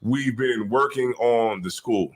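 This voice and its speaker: A man's voice: mid-range voice, slow pace. A man hosting a casual live podcast, with a hype roll-call delivery and lots of "you know" fillers. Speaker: host.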